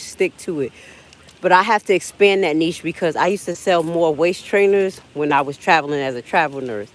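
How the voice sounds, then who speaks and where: A woman's voice: lowish voice, low-quality recording. Chatty woman in her forties on a walk. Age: 40s. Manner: chatty, talks straight to viewers as "y'all" and "baby"; walking and climbing while talking, gets winded. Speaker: livestream host. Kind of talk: casual live walking vlog. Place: outdoor city park.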